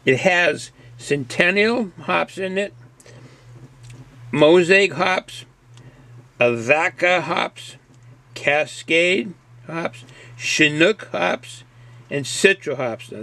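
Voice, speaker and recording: A man's voice: a little high, sharp tone. A middle-aged man with a Boston accent chatting casually through a beer review, rambling and folksy and often repeating himself.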